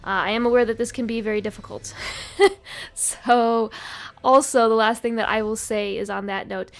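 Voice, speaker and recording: A woman's voice: on the high side, fairly even intonation, brisk. A woman streamer chatting casually to her live chat before starting a new game, friendly and self-deprecating, with fillers and small laughs. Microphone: desk microphone.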